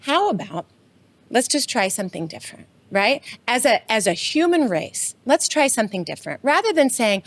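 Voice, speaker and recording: A woman with a somewhat high voice co-hosts a casual podcast chat. She speaks with heated conviction, cursing freely and tagging her points with "right?". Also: very animated, normal speed. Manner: impassioned, swears often, frequent "right?" tags. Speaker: podcast co-host.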